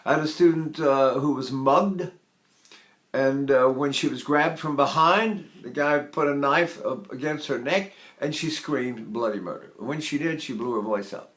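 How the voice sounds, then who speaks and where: An older man in his eighties teaches voice in a mid-range voice, unhurried and explanatory. He breaks off now and then to sing a note or breathe to show a point. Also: mid-range voice, fairly bright tone. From United States. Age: 80s. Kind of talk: spoken vocal lesson with sung demonstrations.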